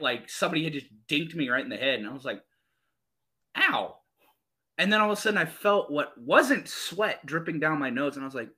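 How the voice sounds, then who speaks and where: Bright-voiced man telling wild stories. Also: a little high. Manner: animated, profane storyteller. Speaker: podcast host. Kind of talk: casual storytelling chat.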